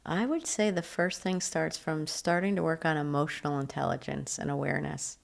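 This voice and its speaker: A woman's voice: deep voice, normal speed, creaky. A middle-aged woman, a leadership coach, telling stories in a podcast interview with lots of energy and acted-out quotes. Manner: energetic, animated storyteller who acts out quotes.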